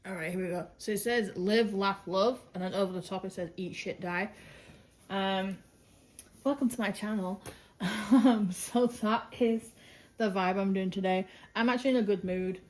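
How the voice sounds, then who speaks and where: A woman chats through her monthly craft roundup from home at a mid-range pitch. She rambles easily, trailing off and restarting with plenty of "like" and "um". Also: fairly quick, darkish tone. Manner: chatty and rambling, many "like" and "um" fillers. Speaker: craft vlogger. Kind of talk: casual monthly roundup vlog. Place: at home indoors.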